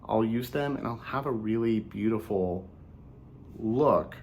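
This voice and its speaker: A man chatting casually in a makeup review vlog, rambling a bit and sounding slightly hoarse. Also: on the low side, measured pace, a little mellow, slight background noise. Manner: chatty and rambling, with frequent likes. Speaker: makeup vlogger.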